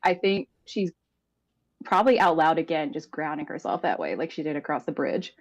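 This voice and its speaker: A woman's voice: low voice, expressive, moderate pace, muffled recording. A woman player explaining her character in casual chat, giggly and full of fillers.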